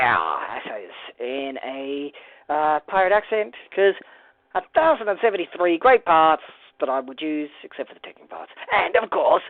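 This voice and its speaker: A host casually narrating a toy brick build, rambling through playful asides and quiet mumbles to themself. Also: medium pitch, expressive, moderate pace, dry recording. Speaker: LEGO builder and channel host. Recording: dry, tinny phone-like sound.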